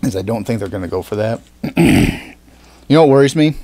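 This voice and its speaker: A man's voice: fairly low pitch, expressive, brisk, creaky, mellow, no room sound. Rambling, foul-mouthed male podcast host. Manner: rambling, swears often, frequent fillers and restarts. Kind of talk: casual chat.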